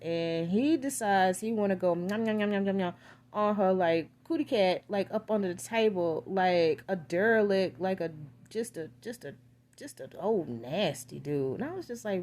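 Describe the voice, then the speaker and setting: A woman's voice: medium pitch, normal speed, darkish tone. A woman casually recapping a film's plot, rambling with crude slang and lots of filler words. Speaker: film reviewer.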